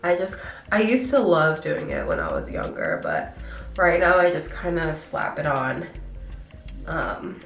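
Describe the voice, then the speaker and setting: A woman's voice: low voice, very animated, measured pace, gravelly, a bit bright, reverberant, recorded from a distance, soft background music. A congested young woman with a stuffy nose, chatting and apologizing her way through a casual get-ready-with-me vlog at home. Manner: chatty, self-deprecating, apologetic. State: breathing hard. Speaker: beauty vlogger.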